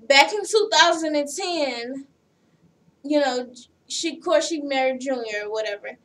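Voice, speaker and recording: A woman's voice: high voice, measured pace, pauses often, a bit bright, far from the mic. A woman vlogger casually recapping a reality show episode, blunt and profane as she tells the story.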